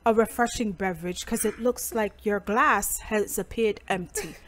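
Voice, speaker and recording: A woman putting on a posh, deferential British male butler voice, slow and low. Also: a bit bright, slight background noise, lightly acted.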